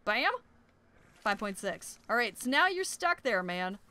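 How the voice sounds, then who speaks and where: A woman's voice: mid-range voice, big pitch swings, a little slow, sharp tone. A young woman commenting on her survival game playthrough, shrieking in panic at danger and chatting casually in between. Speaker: gaming YouTuber. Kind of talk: let's play commentary.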